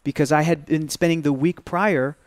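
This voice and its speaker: A man co-hosting a talk show in casual chat, venting with heat and plenty of swearing. His voice sits fairly high for a man. The sound is dry and close, with no room echo. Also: fairly even intonation, normal speed. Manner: heated, profane rant with frequent restarts. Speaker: co-host of a pop culture news show.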